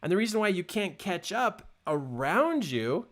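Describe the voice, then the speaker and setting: A man's voice: high-pitched, a little slow. A man speaking as a coach in a motivational talk, telling stories with emphatic repetition. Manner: animated storytelling, emphatic repetition.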